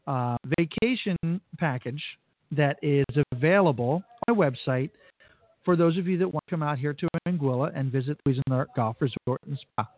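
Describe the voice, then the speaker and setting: A man's voice: fairly high pitch, normal speed, no echo. Chatty radio host man, tinny sound. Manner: chatty, rambling, enthusiastic. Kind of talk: casual on-air chat. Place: resort restaurant on location.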